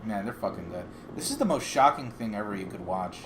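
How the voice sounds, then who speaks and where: A man streaming a film reaction, joking loudly, swearing and doing silly accent bits for his chat. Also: fairly low pitch, lively intonation, a little fast, noisy background. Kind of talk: casual livestream reaction.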